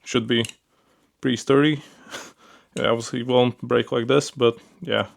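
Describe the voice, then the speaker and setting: Gravelly man reviewing gear casually. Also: mid-range voice, unhurried. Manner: relaxed, repeats fillers like "pretty cool" and "yeah"; handles the gear while talking. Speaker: product reviewer.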